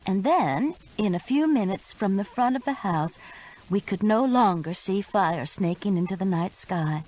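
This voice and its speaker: A woman's voice: medium pitch, lively intonation, unhurried, darkish tone, poor audio. A woman narrating a first-person mystery audiobook with urgent expression.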